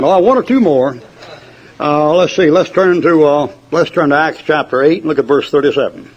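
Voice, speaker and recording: An older man preaches to his congregation in a high, husky voice, combative and folksy, cracking mocking jokes. The recording is a dull, lo-fi church tape. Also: darkish tone. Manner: folksy, combative, mocking, tells joke stories and laughs at them. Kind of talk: fiery sermon with jokes.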